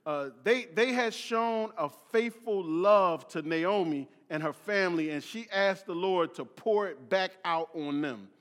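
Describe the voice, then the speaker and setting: A man's voice: high voice, a little slow, few pauses, fairly bright tone. A male preacher from Philadelphia reading scripture and explaining it, often stumbling over and repeating his words. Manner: repeats words, restarts often, many fillers, reads scripture aloud. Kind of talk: sermon. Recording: long hall reverb.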